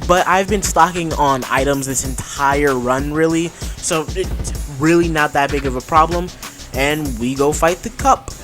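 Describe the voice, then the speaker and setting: A man's voice: a little high, a little slow, fairly bright tone, soft background music. Joking young man narrating a game. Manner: casual, joking, swears freely. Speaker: gaming YouTuber. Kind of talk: casual commentary.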